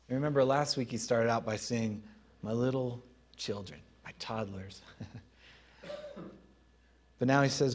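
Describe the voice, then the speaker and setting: A man preaching a sermon as pastor, teaching in a conversational way with pauses. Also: medium pitch, a little mellow.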